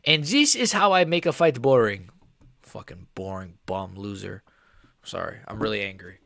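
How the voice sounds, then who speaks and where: A man's voice: fairly low pitch, lively intonation, moderate pace, vocal fry, a bit bright, dry recording, studio quality. A man streaming a live fight reaction, ranting angrily and swearing, rambling with frequent restarts. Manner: angry, profane ranting. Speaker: MMA streamer.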